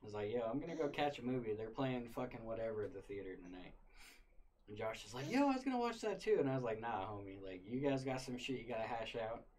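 A man's voice: lowish voice, fast, slight background noise. A young man casually retelling a wild story, full of swearing and laughter. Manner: profane, animated, laughing retelling.

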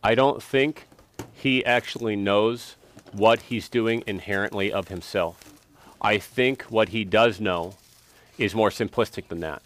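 A man's voice: fairly low pitch, unhurried, a bit bright. A man teaching an interactive Bible lesson, emphatic and quizzing students for answers.

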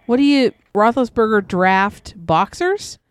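A woman's voice: mid-range voice, animated, measured pace, clear, resonant tone. A woman co-hosting a casual chat, blunt, mocking and profane.

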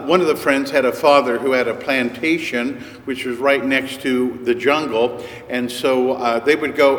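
A man preaching a sermon, telling stories in an unhurried, conversational way. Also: medium pitch, slight background noise. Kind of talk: sermon storytelling. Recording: echoey hall with long reverb.

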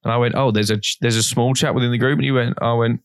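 A man's voice: mid-range voice, fairly even intonation, rapid-fire, clear, resonant tone, no room sound, clean studio sound. A young man co-hosting a podcast, telling a long story in a rambling, casual way with plenty of swearing. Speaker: podcast co-host. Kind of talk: casual chat.

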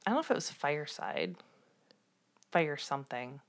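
A woman co-hosting a podcast who asks the quiz questions, brisk and matter-of-fact. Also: deep voice, wildly swooping pitch. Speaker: podcast co-host, quizmaster. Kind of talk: casual quiz chat.

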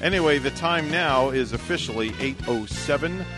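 A man's voice: medium pitch, normal speed, music in the background. A man co-hosting a morning radio show, jokey and chatty, bantering and interviewing a guest.

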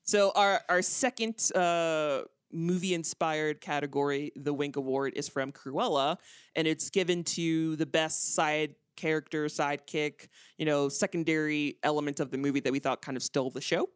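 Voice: mid-range voice, fairly even intonation, moderate pace, clear, resonant tone, no echo, clean studio sound. A podcast host running a casual film review chat, wry and sarcastic. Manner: wry, sarcastic, runs the segments.

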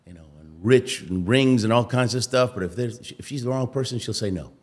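Animated man telling his story. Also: medium pitch, fairly quick, breathy edge. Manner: animated, acts out quotes, laughs often. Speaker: guest, former Olympic athlete. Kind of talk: storytelling interview.

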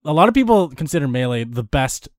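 A man's voice: on the high side, very animated, fast talker, no room sound, studio quality. A young man on a podcast, chatting casually about games and rambling with restarts and fillers. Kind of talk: casual gaming chat.

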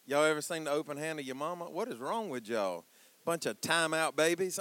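A man preaching a sermon in a church, calling out to the congregation for responses and swinging between hushed, drawn-out lines and loud emphatic peaks. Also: fairly high pitch, lively intonation, no room sound. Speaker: pastor.

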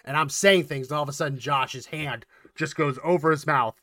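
A man co-hosting a political commentary podcast, talking in a quick, animated way and getting worked up. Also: a little high, no room sound, studio quality. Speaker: podcast co-host.

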